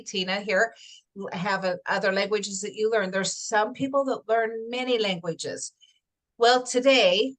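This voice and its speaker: A woman with a mid-range, fairly bright voice hosts a motivational workshop as a coach, talking enthusiastically, laughing often and telling stories.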